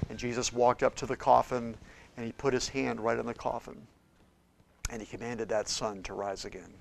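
A man preaching a sermon as a pastor in a church, shifting between loud, emphatic declarations and quiet, hushed passages. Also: medium pitch, creaky, slight background noise. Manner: preaches with big swings from shouting to hushed tones.

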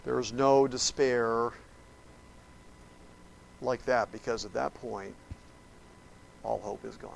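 A male preacher with a gravelly, mid-pitched voice delivers a sermon. He tells the story dramatically and speaks directly to his listeners. His voice swings between hushed tones and loud bursts. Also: steady tone, slow, pauses often, slight background noise, poor audio.

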